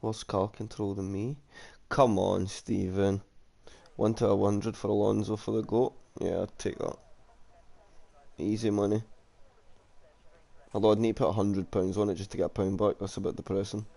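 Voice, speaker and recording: A man's voice: fairly low pitch, little pitch movement, moderate pace, creaky, pauses often, warm tone. Chatty man commentating a racing league. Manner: chatty, jokey, reading out chat comments. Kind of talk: casual live race commentary.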